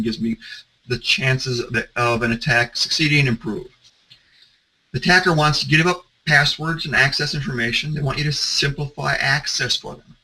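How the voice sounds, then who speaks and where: Male consultant with a bright, sharp voice, talking through examples in a conversational style. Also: medium pitch, low-quality recording. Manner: conversational storytelling, some restarts. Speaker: security consultant. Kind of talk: presentation talk.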